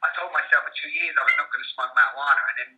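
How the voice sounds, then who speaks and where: Man in his thirties, rambling interview guest, quick delivery, muffled lo-fi sound. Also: mid-range voice. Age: 30s. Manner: rambling, many restarts and fillers. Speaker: guest, coach. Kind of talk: interview conversation.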